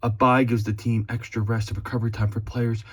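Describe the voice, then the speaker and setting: A man's voice: fairly low pitch, flat delivery, brisk, fairly bright tone, slightly rough. A man on a casual vlog, reading text aloud in a rambling way with chuckles and blunt, profane asides. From Philadelphia area. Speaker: sports fan vlogger.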